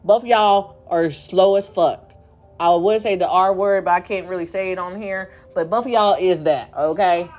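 A woman's voice: on the low side, normal speed, darkish tone, faint music behind. Profane, confrontational woman podcaster. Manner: mocks others in quoted voices. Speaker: podcast host. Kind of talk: angry unscripted monologue.

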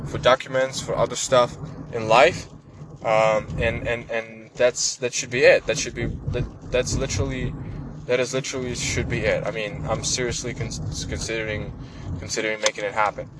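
An earnest man vlogging to his viewers, circling back and repeating words as he talks, with the of someone who learned it later. His voice sits mid-pitch, and a faint hum of a vehicle runs beneath it. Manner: earnest, rambling, many restarts and repeated words. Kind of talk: casual personal vlog monologue.

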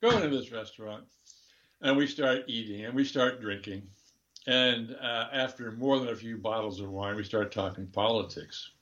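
A man's voice: medium pitch, moderate pace, a bit bright, lo-fi sound. An older man, a former diplomat, telling a rambling, candid anecdote in a casual interview. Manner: candid, rambling anecdotes with chuckles and self-corrections.

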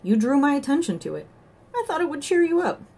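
A woman's voice: sits high, sing-song, fast talker, dark tone, voice pushed up. A woman reading an audiobook voices a hairy, mischievous imaginary male companion who needles his friend in a playful, sly manner.

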